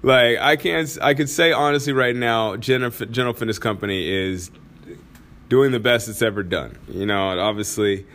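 A man's voice: mid-range voice, moderate pace, a bit bright. A man hosting his own podcast from a studio, talking casually, using slang and laughing often. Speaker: podcast host.

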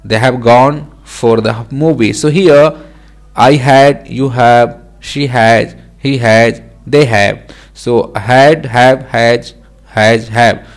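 A man teaching an English grammar lesson, reading example sentences and repeating words slowly with small self-corrections. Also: medium pitch, steady tone.

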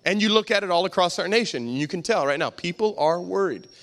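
High-voiced emphatic male preacher. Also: animated, fast talker, a bit bright. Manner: emphatic, repetitive, rhetorical questions. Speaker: pastor. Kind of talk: sermon.

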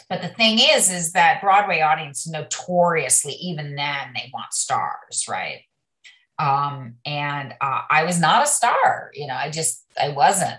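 Middle-aged actress as a talkative interview guest, lowish voice, roomy echo. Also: female voice, fairly bright tone. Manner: chatty, rambling storyteller with many restarts. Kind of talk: casual interview chat.

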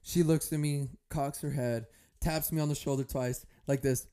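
Profane, animated young man telling stories. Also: fairly high pitch, normal speed, clear, resonant tone. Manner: profane, animated storytelling, breaks into laughs. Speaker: podcast host. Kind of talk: casual monologue.

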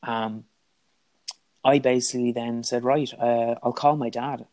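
Irish male guest, candid storyteller, stumbling restarts, mid pitch. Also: fairly even intonation, a little mellow. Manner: candid, halting, with frequent restarts and quoted dialogue. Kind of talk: personal storytelling in an interview.

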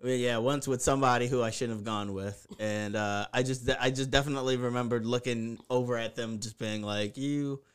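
A young man co-hosting a casual podcast, joking and teasing, telling animated stories. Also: medium pitch, fairly quick, few pauses, clear, resonant tone. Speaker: podcast co-host. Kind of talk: casual chat.

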